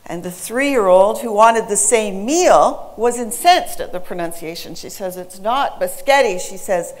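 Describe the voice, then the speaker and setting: A woman who is a native English speaker giving an emphatic, animated public talk and quizzing her live audience. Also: mid-range voice, measured pace.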